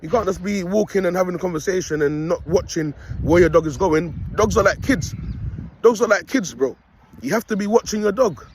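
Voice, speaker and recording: A man's voice: high-pitched, brisk, darkish tone, a little hiss or hum. A young man, rambling in a casual preaching monologue full of street slang and repeated "you get me". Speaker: self-styled prophet vlogger.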